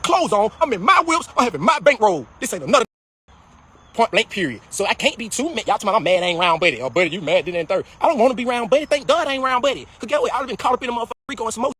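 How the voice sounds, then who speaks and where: Fast, husky, high-pitched ranting man. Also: very animated, a bit bright. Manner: profane, fast, repetitive calling-out. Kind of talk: heated casual rant.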